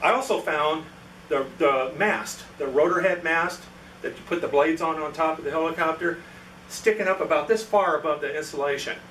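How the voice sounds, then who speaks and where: Speaking at a moderate pace in a slightly high, somewhat bright voice, a guest presenter tells anecdotes at a club meeting and acts out the voices of the people in his stories. The meeting room is echoey and the mic is far away, with slight background noise.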